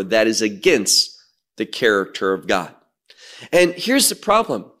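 Slow, emphatic male Bible teacher. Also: lowish voice, big pitch swings, bright, forceful tone. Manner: slow, emphatic, reads scripture aloud with word study. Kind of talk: sermon.

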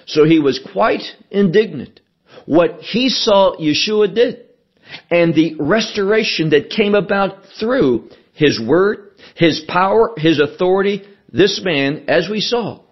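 Slow, husky-voiced man preaching. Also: sits high, muffled recording. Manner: deliberate, emphatic preaching with repeated phrases. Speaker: pastor. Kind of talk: sermon.

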